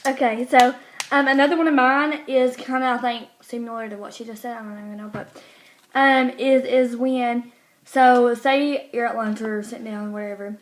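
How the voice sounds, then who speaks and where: A woman's voice: fairly high pitch, steady tone, normal speed. A teenage girl chatting casually about pet peeves, rambling and hesitant with many fillers. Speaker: co-host. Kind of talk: casual chat.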